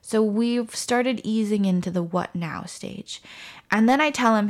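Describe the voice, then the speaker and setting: A woman in her thirties hosting a parenting podcast, calmly telling a story and acting out the dialogue. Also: mid-range voice, a little slow. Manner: calm, storytelling with quoted dialogue. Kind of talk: instructive parenting talk.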